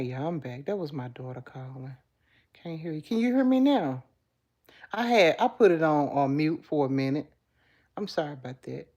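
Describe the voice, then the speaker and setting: A middle-aged woman chats casually on a livestream. Her voice is lower than most, but it swings widely in pitch as she answers viewers' comments one after another. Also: dark tone, lo-fi sound. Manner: talks straight to viewers, reads and answers chat comments. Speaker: livestream host. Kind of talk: casual live-stream chat.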